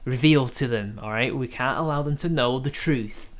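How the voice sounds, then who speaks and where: A man's voice: medium pitch, normal speed, crowd noise. A man from Britain hosting a casual live stream, rambling and hesitant, laughing often between points. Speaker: stream host.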